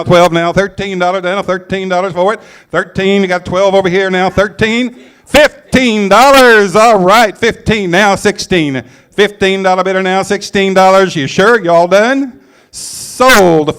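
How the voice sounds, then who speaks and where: A man with a deep voice calling bids in a rapid rhythmic auction chant. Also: a bit bright, clean tone. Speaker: student auctioneer. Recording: live event.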